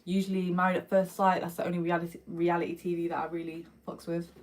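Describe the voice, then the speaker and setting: A young woman talks casually to her live-stream viewers from her home kitchen. Her voice sits a little low, and she is loose and slangy as she answers the chat. A faint sizzle of frying food runs behind her. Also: level tone, fast, noisy background. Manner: chatty, slangy, answers viewer comments aloud. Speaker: livestreamer.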